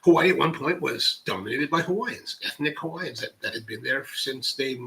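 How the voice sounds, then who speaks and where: A man's voice: medium pitch, lively intonation, moderate pace, creaky, sharp tone. A man hosting a coffee channel livestream, chatting casually and reading viewer comments in a rambling way with many restarts. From United States.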